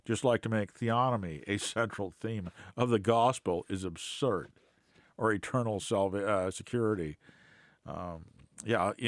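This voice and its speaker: A man's voice: fairly low pitch, no echo, clean studio sound. A man giving an unscripted Bible teaching, hesitant with many fillers and restarts, then pressing points with scornful emphasis.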